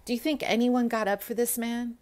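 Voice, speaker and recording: A woman's voice: on the high side, level tone, fairly quick, a little mellow. A young woman talking casually to the camera, earnest and emphatic, often turning to address her viewers directly. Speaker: spiritual vlogger.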